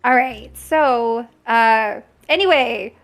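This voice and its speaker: A woman's voice: fairly high pitch, slow, gravelly, a bit bright, soft background music. A young woman streamer chatting casually, laughing often as she talks. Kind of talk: casual chat.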